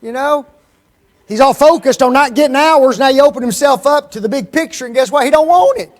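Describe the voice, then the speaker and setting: High-voiced preacher, animated and questioning. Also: male voice, a little fast. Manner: animated, asks the congregation rhetorical questions. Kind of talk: sermon. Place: church.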